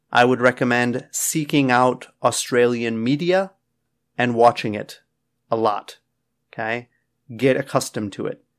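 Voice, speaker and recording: A man lectures on exam preparation from his office at a medium pitch, talking casually and directly to the viewer. He keeps checking in with a quick "okay?" or "all right?" after his points. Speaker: IELTS teacher and test writer. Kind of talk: casual classroom lecture to camera.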